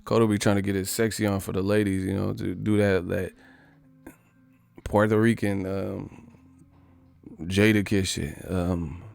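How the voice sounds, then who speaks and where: A man's voice: on the low side, steady tone, normal speed, creaky, clean tone. A man hosting his boxing channel in a casual live-stream rant, profane and joking, breaking into laughter.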